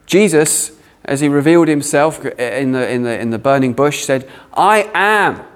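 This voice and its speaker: A man preaching a sermon, animated with playful asides. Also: mid-range voice, normal speed. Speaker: pastor.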